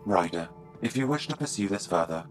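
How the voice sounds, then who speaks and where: A detached AI companion with a very deep, even voice. It states facts coolly, with a faint music bed behind it in the game mix. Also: male voice, a little fast. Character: calm male AI assistant in the hero's head.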